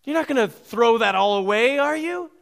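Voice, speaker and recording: A man's voice: extremely high pitch, animated, normal speed, creaky, a bit bright, pitched above the performer's own voice, exaggerated voice. A man voicing a sly male devil who coaxes with rising rhetorical questions. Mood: coaxing. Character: coaxing male tempter, the devil, sly and pushy.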